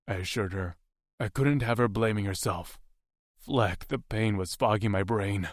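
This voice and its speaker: A man's voice: lowish voice, a little slow, no room sound, clean studio sound. Man narrating a tense audiobook. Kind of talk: first-person audiobook narration.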